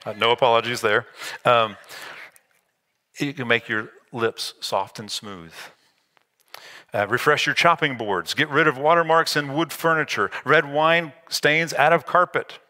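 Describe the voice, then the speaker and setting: A man's voice: mid-range voice, unhurried, pushed and bright. A man preaching a sermon, explaining scripture in a conversational way and slipping in self-deprecating asides. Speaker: pastor.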